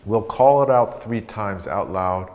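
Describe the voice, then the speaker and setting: A man leading a guided meditation, speaking slowly and calmly as he teaches breathing and a question practice. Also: lowish voice, a little hiss or hum. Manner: slow, calm guiding voice.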